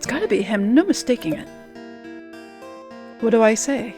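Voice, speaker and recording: A woman streaming a story game, reading the characters' dialogue aloud in an unhurried, earnest way. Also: a little high, lively intonation, a little mellow, soft background music.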